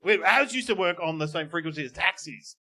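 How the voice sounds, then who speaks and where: A man co-hosting a live podcast in a high, bright, lively voice. He jokes and laughs his way through the banter, throwing in quick asides. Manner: animated, laughs often, jokey asides. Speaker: podcast co-host. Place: live venue with audience.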